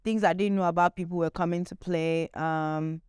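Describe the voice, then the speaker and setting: A woman's voice: on the low side, steady tone, normal speed, a little mellow, clear, resonant tone, no room sound, studio quality. A woman hosting her own show, talking candidly and playfully to her viewers in a casual monologue. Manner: candid, chatty, playful asides. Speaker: host.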